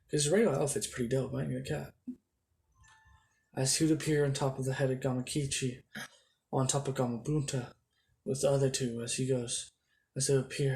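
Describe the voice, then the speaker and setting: A man's voice: medium pitch, darkish tone, a little hiss or hum. A man narrating a fan story casually, in a slangy, rambling way with many restarts. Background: music.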